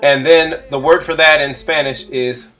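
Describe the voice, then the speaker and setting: Slow, patient male teacher. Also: a little high, steady tone, pushed and bright, faint music behind. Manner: slow, patient, step-by-step explaining. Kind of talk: classroom instruction.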